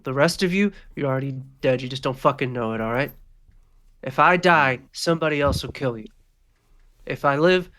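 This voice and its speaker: A man's voice: medium pitch, normal speed, fairly bright tone, close to an everyday voice. A man voicing a desperate male gunman who swears and threatens a room while holding a revolver. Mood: threatening.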